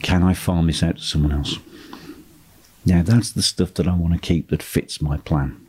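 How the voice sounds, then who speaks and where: Deep, husky male property tutor. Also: moderate pace. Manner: steady, emphatic, repeats key phrases. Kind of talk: instructional monologue.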